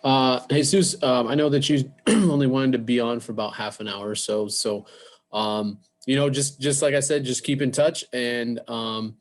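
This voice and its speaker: A man's voice: medium pitch, steady tone, moderate pace. A man co-hosting a video call, chatting casually and hesitantly with lots of ums and you knows.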